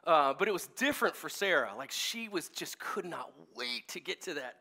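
Male pastor, 40s, high-pitched, casual storytelling sermon. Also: moderate pace, vocal fry, breathy edge. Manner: casual, animated, many fillers and restarts. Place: church service.

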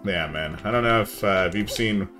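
A young man chatting casually on a live gaming stream, laid-back and saying "man" a lot, yelling now and then at the game. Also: lowish voice, normal speed, faint music behind.

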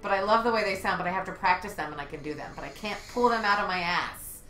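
A woman's voice: medium pitch, quick pace. A woman streamer chatting casually and laughing a lot while playing a co-op game. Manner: playful, laughs often, excitable. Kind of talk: casual co-op gameplay chat. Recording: echoey room with game music.

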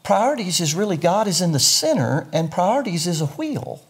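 A man's voice: high voice, big pitch swings, normal speed, husky. An older man, a pastor, explaining his views earnestly in a sermon-like way during an interview. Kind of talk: interview conversation.

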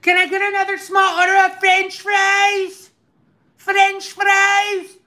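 A man's voice: very high-pitched, monotone, takes it slowly, pushed and bright, shouting, pitched above the performer's own voice, exaggerated voice. A man voicing a curt female drive-thru worker who brushes off complaints. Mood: brusque.

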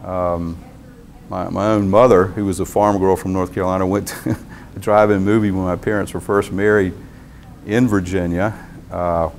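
A man, a university professor, giving a lecture in a measured, thoughtful way with frequent pauses. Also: sits low, level tone, creaky, a little mellow, a little hiss or hum.

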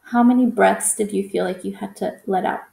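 A woman's voice: medium pitch, moderate pace, vocal fry, warm tone, echoey room. A woman teaching a phonics lesson to young children, patient and encouraging, stretching out each vowel sound.

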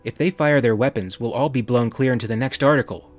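A man reading the lines of a hesitant male marine corporal from a comic parody, in a halting, awkward way. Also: mid-range voice, soft background music, close to an everyday voice. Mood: sheepish.

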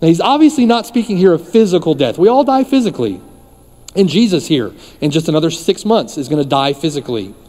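Male pastor, high animated voice, mellow tone, emphatic repeated lines, church hall reverb. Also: quick pace. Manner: emphatic preaching with repeated phrases. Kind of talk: sermon.

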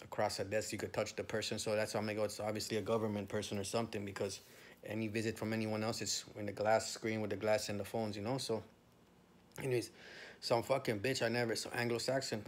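Man ranting with profane slang. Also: mid-range voice. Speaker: storyteller. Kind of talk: profane storytelling rant.

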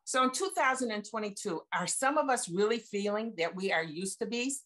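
A woman's voice: mid-range voice, lively intonation, fairly quick, fairly bright tone. A woman in her seventies sharing a personal faith testimony over a video call, chatty and folksy, retelling conversations with emphasis. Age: 70s. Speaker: guest speaker sharing testimony.

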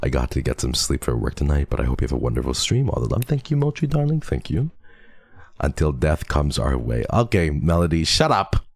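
Congested from a cold, a streamer chats with his viewers and reads their messages in a rumbling low, sing-song, creaky voice, talking fairly quickly with hardly any pauses. He teases playfully, laughs a lot, and drops in Tagalog and Korean terms of endearment, all in a dry recording.

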